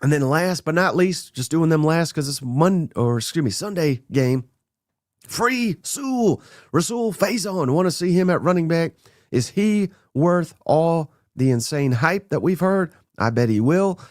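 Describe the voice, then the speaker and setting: Man, podcast host, slightly high voice, blunt and excitable, close dry mic. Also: no echo. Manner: blunt, excitable, runs through names rapid-fire. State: a little under the weather. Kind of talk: casual sports talk monologue.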